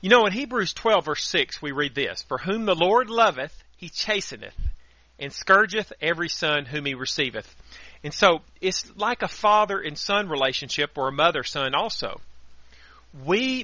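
Earnest radio preacher, bright lo-fi voice. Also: male voice, on the high side, moderate pace, no echo. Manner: earnest, steady preaching with scripture readings. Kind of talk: radio sermon. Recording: dry, dull lo-fi radio audio.

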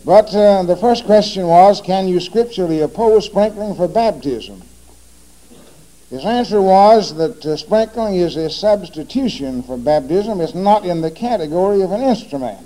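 A man's voice: high voice, lively intonation, normal speed, dark tone, low-quality recording. A man giving a formal religious debate speech, pressing his opponent with repeated rhetorical questions.

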